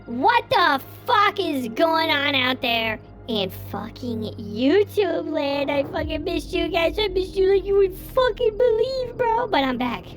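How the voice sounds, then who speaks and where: A man doing a squeaky foul-mouthed caged pet critter. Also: expressive, slow pace, few pauses, fairly bright tone, full character voice. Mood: rowdy. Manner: rowdy, profane, hyper streamer banter. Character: crude foul-mouthed small male caged pet creature. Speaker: live streamer. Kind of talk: live stream character bit. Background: faint creepy game music.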